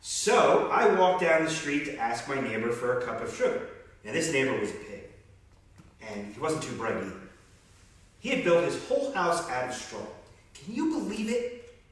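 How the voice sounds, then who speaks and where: A man's voice: mid-range voice, very animated, normal speed, fairly bright tone, far from the mic. A man reading as a wolf telling his own side of a children's story in a chatty, conversational way. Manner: conversational first-person storytelling. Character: grown male wolf, chatty, self-justifying. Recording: very echoey room, off-mic.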